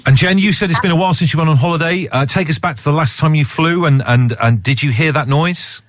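A man's voice: on the high side, fast, dry recording, clean studio sound. A man co-hosting a radio show, joking and chatting with callers. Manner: jokey, teasing, chatty with fillers. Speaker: radio co-host. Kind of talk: casual radio banter.

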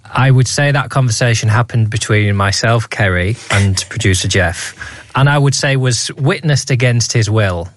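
A man's voice: mid-range voice, normal speed. Teasing man hosting radio. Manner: playful, teasing, self-mocking. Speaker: radio host. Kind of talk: casual radio banter. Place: radio studio.

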